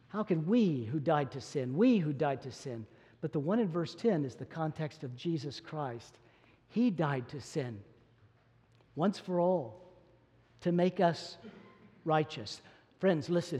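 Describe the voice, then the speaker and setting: A man preaching a sermon, emphatic, shifting from loud declarations to low asides and chuckling now and then. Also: slightly rough. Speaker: pastor. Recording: long reverb of a church hall.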